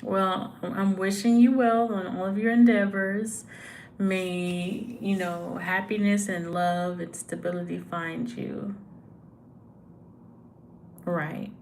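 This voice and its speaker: A young woman, giving a casual, halting tarot reading full of fillers and sighs. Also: medium pitch, level tone, darkish tone, a little hiss or hum, low-quality recording. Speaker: tarot reader. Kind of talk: live tarot reading chat.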